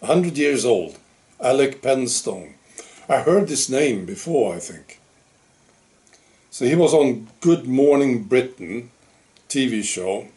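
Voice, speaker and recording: Middle-aged guy talking slow, halting monologue, stops and restarts a lot, average pitch. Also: lively intonation, dark tone. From Sweden. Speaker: commentary channel host. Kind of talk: casual monologue commentary.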